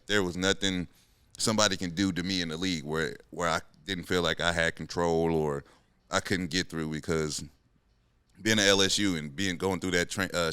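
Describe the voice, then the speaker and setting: Podcast host in his thirties, deep voice, bright tone, laid-back, slangy. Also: clear, resonant tone, dry recording. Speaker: podcast host, former pro football player. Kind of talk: casual podcast chat.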